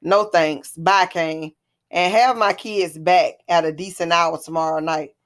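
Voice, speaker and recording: A woman reading the part of a composed, defiant mother who stands her ground, in a low voice. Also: fairly even intonation, measured pace, lightly acted. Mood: firm. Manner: firm, composed.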